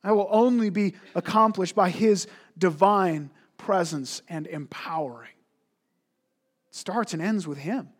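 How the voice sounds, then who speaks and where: Pastor guy preaching, kinda husky, high voice, repeats words a lot, punchy questions. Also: unhurried. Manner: emphatic preaching with rhetorical questions and frequent word repeats. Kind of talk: sermon.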